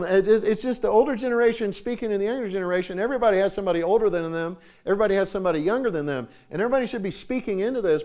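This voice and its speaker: A man preaching a sermon in a storytelling manner, often clearing his throat. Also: sits high, a little mellow.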